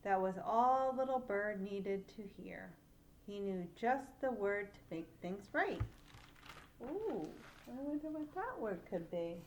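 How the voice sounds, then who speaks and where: Animated older woman reading to kids. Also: mid-range voice, takes it slowly, slight background noise. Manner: animated, playful, asks the listener questions. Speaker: great-aunt reading aloud. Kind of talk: children's story reading.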